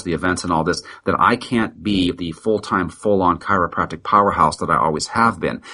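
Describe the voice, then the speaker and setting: A man's voice: sits low, bright, forceful tone, slightly rough. A middle-aged man from the United States, a practice consultant giving a blunt, emphatic, preachy motivational sales talk as a guest.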